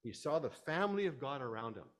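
Preaching fast in a mid-range voice, a man explains scripture in a teaching manner, rising at points to emphatic, animated stresses.

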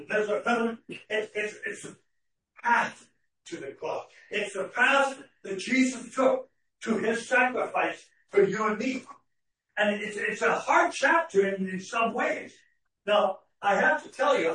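A man delivers a sermon in an unusually high voice, repeating and restarting his words before building to shouted questions. He sounds distant from the mic in a very echoey hall, with faint noise behind him. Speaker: preacher.

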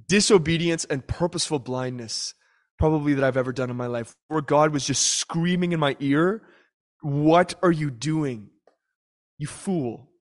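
A young man preaching a sermon, telling a personal story and acting out the voices of people in it. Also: on the high side. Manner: storytelling, acts out voices in prayers and quotes.

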